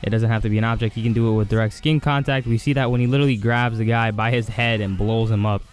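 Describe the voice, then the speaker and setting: A man casually recapping an anime episode in an excited, rambling way, full of fillers. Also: fairly low pitch, fast talker, clean tone. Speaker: anime reviewer.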